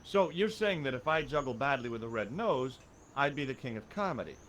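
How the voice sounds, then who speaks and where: Game casting: deadpan, sarcastic hero, lively pitch, light ambience behind. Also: male voice, a little fast, slight background noise. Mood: wry. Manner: dry, sarcastic narration. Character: wry, sardonic male adventurer narrating.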